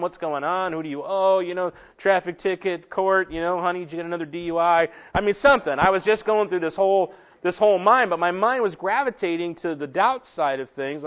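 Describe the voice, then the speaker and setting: Male pastor preaching, higher voice. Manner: conversational, repeats and restarts words. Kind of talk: sermon. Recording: dull lo-fi recording.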